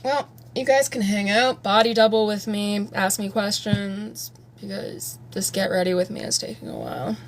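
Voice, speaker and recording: A woman's voice: medium pitch, normal speed, few pauses, a little hiss or hum. A woman in her thirties chatting casually on a live stream at home, rambling and candid and swearing freely while she does her makeup. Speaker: livestreamer.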